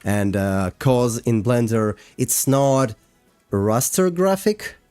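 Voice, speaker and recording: A man's voice: mid-range voice, big pitch swings, slow, a little mellow, smooth, no room sound. A man casually chatting on a livestream while walking through his animation work, hesitant with many fillers. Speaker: animator streaming a breakdown. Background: faint music.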